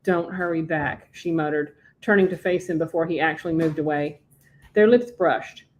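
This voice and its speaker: A woman author reading aloud from her own novel at home as a podcast guest, after a relaxed, chatty setup. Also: low voice, moderate pace, slight background noise.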